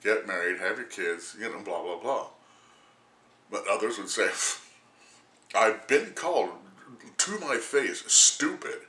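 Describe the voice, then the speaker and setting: A man's voice: lowish voice, lively intonation, slow, long pauses, pushed and bright, echoey room. A man in his sixties ranting casually to camera, rambling and crude, laughing often as he talks. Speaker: vlogger.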